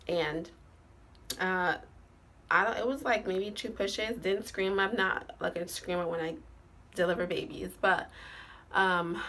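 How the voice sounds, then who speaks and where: Woman, slightly low pitch, casual vlog storytelling, lots of "like" and "um". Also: fairly bright tone. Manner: chatty, many fillers and "like". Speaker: vlogger.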